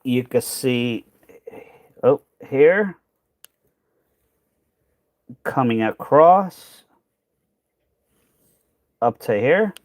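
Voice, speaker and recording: A man with a medium-pitched, lively voice speaks very slowly and pauses often, with no echo. He hosts a casual coin hunting livestream, chatting as he sorts coins, thinking aloud and trailing off while sounding tired and losing his voice.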